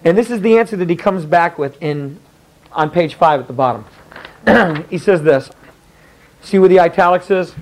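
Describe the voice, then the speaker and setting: Chatty high-voiced male history teacher. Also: a little slow, a little mellow, low-quality recording. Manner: chatty, rambling, many fillers and restarts. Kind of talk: classroom storytelling lecture.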